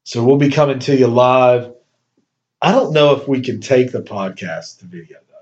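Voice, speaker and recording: With an ordinary mid-range pitch and a slightly mellow, expressive delivery, this podcast host chats casually and rambles easily, punctuated by enthusiastic bursts and quick laughter. The audio is a bit dull and lo-fi.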